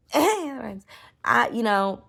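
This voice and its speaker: A woman's voice: a little high, sing-song, extremely slow, creaky, a bit bright. A woman in her thirties talking in a casual personal vlog, rambling with many restarts and fillers, emotional and easily worked up. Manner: rambling, restarts often, lots of "like" and "you know". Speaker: vlogger.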